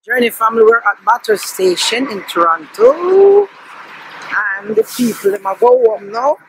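A woman's voice: fairly high pitch, lively intonation, normal speed, a little hiss or hum, rough recording. A woman with a Jamaican accent, chatting casually to her vlog audience on a handheld phone as she walks through streets and a subway station, mixing in patois and laughing often. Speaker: family vlogger. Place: city streets and subway station, outdoors and indoors.

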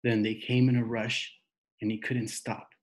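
A man reads a novel aloud in slow, steady narration. His voice sits at a middle pitch, and he takes his time over each line. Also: low-quality recording. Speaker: reader.

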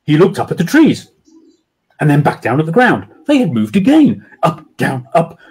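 A man's voice: fairly high pitch, wildly swooping pitch, moderate pace, slightly rough. A man, an author, reading his children's book aloud over a video call with dramatic storytelling.

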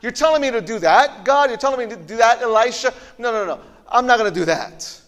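A man's voice: extremely high pitch, animated, fairly quick, fairly bright tone. A man voicing a proud foreign army commander who is scornful and demanding, recorded with long hall reverb. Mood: indignant.

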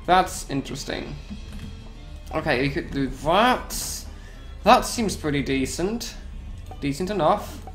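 Excitable man commentating gameplay over music. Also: fairly high pitch, slow, long pauses. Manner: excitable, talks to himself, repeats phrases, sudden yelps.

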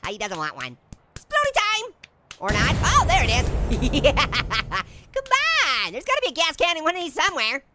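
This gameplay commentator is a man doing an exaggerated, very high voice with huge pitch swings at a moderate pace, and the recording is very noisy. As a cheeky, hyper talking orange, he keeps up goofy wisecracks, giggles and nonstop laughter.

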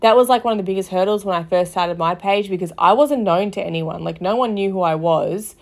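A woman's voice: medium pitch, brisk, darkish tone. A woman hosting a casual commentary podcast, talking in a loose, gossipy way with lots of fillers and swearing. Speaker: podcast host.

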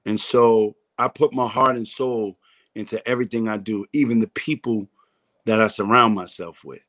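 A man's voice: lowish voice, steady tone, moderate pace, fairly bright tone. A man, a comedian guest in a casual interview, telling a story candidly, swearing freely and acting out the voices he quotes.

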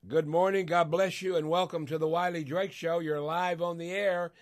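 Folksy older Southern preacher host. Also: male voice, fairly high pitch, steady tone, moderate pace. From Arkansas, USA. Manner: folksy, emotional, laughs often, stretches words for emphasis. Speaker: radio show host and pastor. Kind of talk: call-in radio talk.

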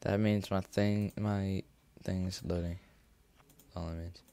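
A young man streams a game with casual commentary, rambling goofily and humming and singing to himself. His voice is deep and warm, with a level tone and measured pace.

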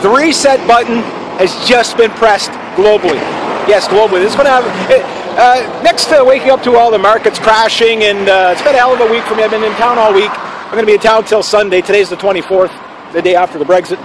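A man's voice: high-pitched, steady tone, fairly quick, noisy background. A man hosting a casual opinion vlog, talking assertively in a rambling way. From Canada. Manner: assertive, rambling, with fillers and restarts. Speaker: channel host.

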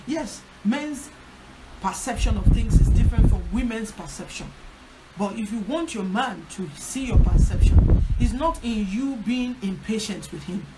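A woman pastor presses her points home on a prayer line, repeating them with emphasis. Her voice sits a little high. A loud hiss of background noise runs under the whole recording. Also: lively intonation, measured pace. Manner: emphatic, repetitive exhortation. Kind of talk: teaching talk on a prayer line.

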